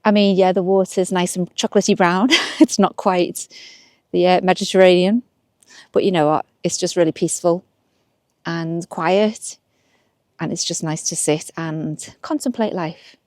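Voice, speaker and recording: A woman's voice: fairly low pitch, fairly even intonation, moderate pace, dry recording, clean studio sound. A young woman from north-west England chatting to camera while walking outdoors, upbeat and laughing easily. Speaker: vlogger. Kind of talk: casual walking vlog to camera. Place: outdoors by a waterside path.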